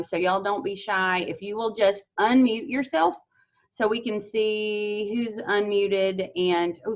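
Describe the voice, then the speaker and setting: Woman hosting a muffled video call. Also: medium pitch. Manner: friendly, encouraging moderator. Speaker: host.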